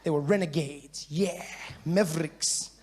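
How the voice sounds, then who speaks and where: A man's voice: on the high side, unhurried. South African man doing stand-up. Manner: animated, switches into character voices. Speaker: stand-up comedian. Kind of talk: stand-up comedy.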